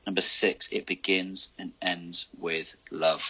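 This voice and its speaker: A deep-voiced man hosting a podcast, his voice husky and low. He sums up his guest's points encouragingly, and the recording sounds dull and lo-fi. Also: flat delivery, a little slow, bright, forceful tone. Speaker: podcast host. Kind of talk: podcast interview.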